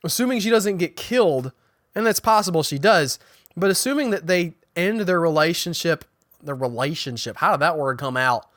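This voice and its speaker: Man, podcast host, casual episode recap, chatty, restarts sentences, slightly high voice, dry close sound. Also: expressive, normal speed, fairly bright tone, dry recording. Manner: chatty, restarts sentences, paraphrases characters' dialogue.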